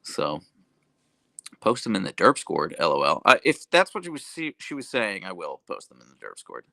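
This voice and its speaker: A man's voice: sits low, huge pitch swings, moderate pace, vocal fry, pushed and bright, no echo. A young adult man hosting a casual livestream, rambling and correcting himself as he reads chat messages aloud. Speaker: livestream host. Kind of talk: casual live-stream chat.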